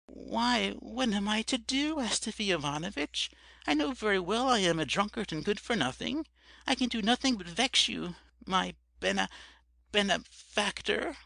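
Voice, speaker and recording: A meek, broken-down drunkard pleads in a raised, thin voice, as a male storyteller puts him on. He sounds timid and apologetic, with a gravelly edge and a swinging, lively tone. The recording is close and dry. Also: sits high, normal speed, no echo, voice pushed up, heavily acted. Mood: tearful, pleading.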